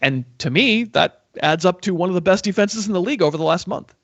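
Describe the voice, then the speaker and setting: A man's voice: high-pitched, expressive, quick pace, a bit bright, dry recording. A man hosting a football show, analyzing casually with a dry, teasing manner and stammered restarts. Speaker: podcast host. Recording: dry muffled lo-fi audio.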